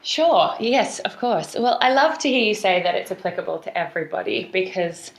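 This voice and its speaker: Guest, female, soft Australian accent, fluent trainer-actor, roomy audio. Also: medium pitch, normal speed, gravelly. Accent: softened Australian. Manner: articulate, expressive, fluent explainer. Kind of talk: conversational podcast interview. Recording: roomy echo.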